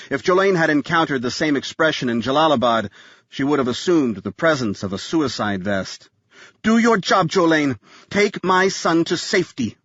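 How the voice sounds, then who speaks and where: A man's voice: medium pitch, fairly bright tone, breathy edge, dry recording, dull audio. A man voicing a cold, commanding wealthy mother who speaks curtly.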